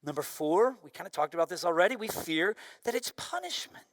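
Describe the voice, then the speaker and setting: A young adult man, a pastor, preaching a sermon in an animated way, swinging from loud bursts down to hushed, quiet lines. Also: sits high, brisk, dry recording, studio quality.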